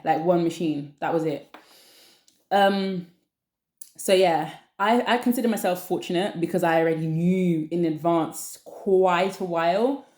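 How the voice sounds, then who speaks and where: A woman's voice: fairly low pitch, a little mellow. A woman chatting casually to camera as a vlogger, rambling and repeating phrases for emphasis. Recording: roomy echo.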